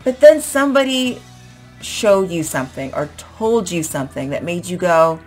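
A woman's voice: fairly low pitch, sing-song, moderate pace, darkish tone, soft background music. A young woman teaching English vocabulary in a casual, chatty way, acting out example sentences with plenty of "um"s. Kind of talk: casual explanatory vocabulary lesson.

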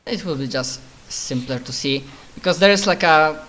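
A man narrating a tabletop game as game master, halting and full of fillers. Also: a little high, bright, forceful tone.

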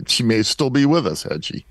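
A man co-hosting a podcast, giving short reactions and dry, dark jokes in casual chat. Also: mid-range voice, dry recording. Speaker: podcast co-host.

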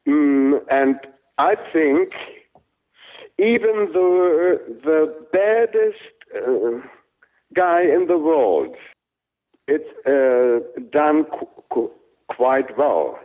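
An older man with a German accent, a German native speaker, speaking haltingly in an interview with many fillers and restarts. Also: a little high, expressive. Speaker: interviewed actor. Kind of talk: casual interview talk. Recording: tinny phone-like sound.

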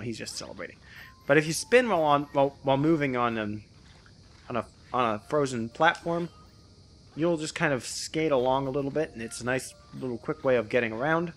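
A man's voice: mid-range voice, a bit bright. A man casually narrating his gameplay, rambling with frequent restarts and jokes about puns. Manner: rambling, self-correcting, jokey about puns. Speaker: let's play host.

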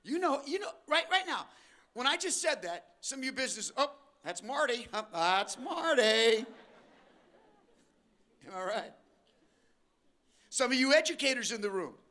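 An older pastor delivers a sermon to his congregation in a church auditorium, alternating slow, emphatic lines with rapid asides. His very high voice jumps abruptly in pace and volume, and he briefly imitates the voices of the listeners he describes.

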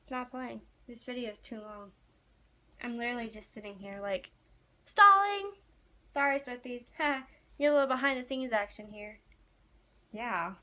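A young woman vlogging in a casual, rambling way, chatting excitedly to her viewers as a fan. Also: a little high, normal speed. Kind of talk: casual chat to camera.

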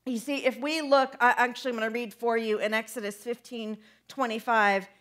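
High-voiced woman preaching a casual sermon. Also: brisk. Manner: conversational, animated, asks the congregation questions. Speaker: pastor.

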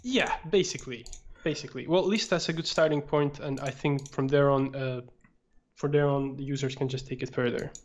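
A man co-hosting a live software Q&A, calmly suggesting steps and relaying questions from chat. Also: mid-range voice, a little fast. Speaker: product specialist and co-host. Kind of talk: live-stream software tutorial Q&A.

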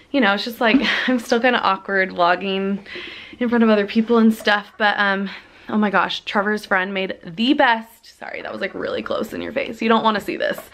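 A woman's voice: fairly high pitch, a bit bright. Giggly young woman, a bit breathless. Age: late teens. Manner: chatty, giggly, addresses viewers as you guys. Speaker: vlogger. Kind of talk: casual chat to camera.

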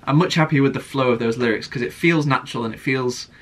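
A man's voice: mid-range voice, fast talker. Earnest young man sharing songwriting tips. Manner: earnest, sings example lines himself. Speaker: worship songwriter answering viewer questions. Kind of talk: casual vlog Q&A.

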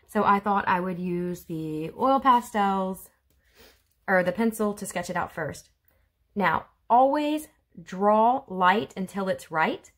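Filmed on a phone camera in a room at home, a female art teacher with a Southern US accent gives children a friendly drawing lesson. Her medium-pitched voice is slightly bright, and she chats warmly, explaining each step as she draws.

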